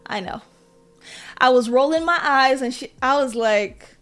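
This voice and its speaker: High-voiced candid young woman storyteller. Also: unhurried, faint music behind. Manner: candid, self-deprecating, with animated quoted asides. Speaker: podcast host. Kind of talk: personal storytelling. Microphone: podcast mic.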